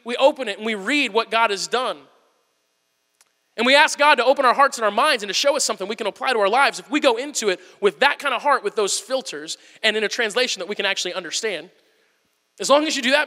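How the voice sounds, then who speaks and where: This sermon features a thirtysomething pastor speaking fast in a bright, emphatic, very high voice. He brings his stories to life theatrically, acting out a whisper-yell, and his words echo with the long reverb of a spacious hall.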